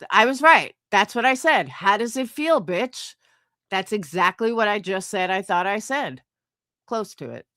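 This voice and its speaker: A fired-up woman host talks on her livestream. Her voice is bright and swoops up and down a lot. She swears freely and defends herself, and the sound is dry. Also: medium pitch, animated, unhurried, no room sound. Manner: profane, defensive, angry. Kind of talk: heated casual chat.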